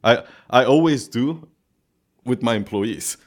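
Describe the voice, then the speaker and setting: A man co-hosting a podcast in casual chat, with a calm, soothing voice and a rambling manner full of filler words. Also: medium pitch, slow pace. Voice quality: calm voice that listeners find soothing. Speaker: podcast co-host.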